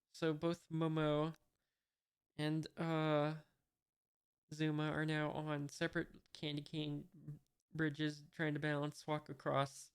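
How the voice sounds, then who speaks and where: Smooth, flat-voiced comic reader, slow and hesitant. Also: mid-range voice. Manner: hesitant, frequent "uh" fillers, reads dialogue flatly without voices; wry, mildly puzzled asides. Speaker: manga reader and commentator. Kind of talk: casual read-through of a comic chapter.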